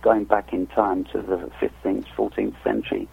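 A man from the United Kingdom calling in to read a poem and chat, soft-spoken and hesitant. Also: deep voice, sing-song, normal speed, creaky, slightly rough. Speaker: caller reading a poem. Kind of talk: poetry reading and chat. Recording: tinny phone line.

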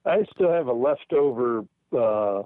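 A man calling in to a talk show, reading a poem slowly and carefully. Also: mid-range voice, animated, dry recording. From Michigan. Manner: slow, measured reading. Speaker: caller. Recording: phone line.

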